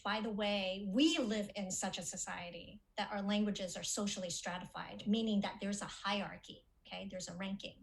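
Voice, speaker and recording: A woman's voice: medium pitch, low-quality recording. A middle-aged woman presenting an academic lecture in a webinar, explaining her points and checking in with her listeners as she goes. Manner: explanatory, checks in with "okay?" and "right?". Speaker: speech-language pathology presenter.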